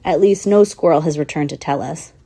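A woman's voice: sits low, fairly quick, warm tone, husky. A woman voicing a curious young squirrel full of wondering questions.

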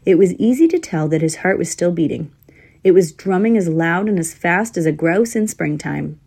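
Gravelly, husky woman reading a storybook. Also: fairly low pitch, animated, moderate pace, a little mellow. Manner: wry, dry asides to the listener. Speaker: narrator. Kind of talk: storybook narration.

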